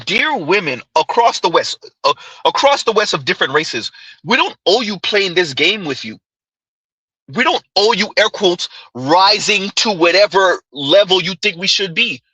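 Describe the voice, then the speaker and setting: A man's voice: high-pitched, expressive, moderate pace, sharp tone, slightly rough, dry recording, poor audio. A man hosting a live commentary stream, reading comments and ranting emphatically with lots of repetition. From Caribbean descent. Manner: emphatic, repeats phrases, talks to chat directly.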